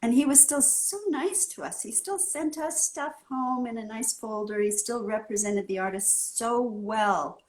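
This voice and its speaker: A woman from California, a guest artist in a casual interview, telling her story in an animated way and acting out the scene. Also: on the high side, a little slow, hardly any pauses.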